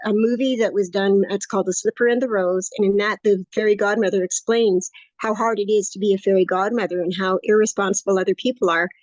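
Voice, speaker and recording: A woman's voice: medium pitch, a little mellow, no room sound. Woman, late 60s, upbeat rambling interviewee; dry, slightly dull recording. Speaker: course student interviewee. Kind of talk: casual interview conversation.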